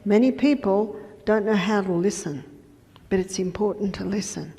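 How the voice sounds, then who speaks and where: A woman health educator giving a lecture, telling patient stories in a conversational way with soft asides. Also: medium pitch, steady tone, normal speed. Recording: reverberant lecture hall.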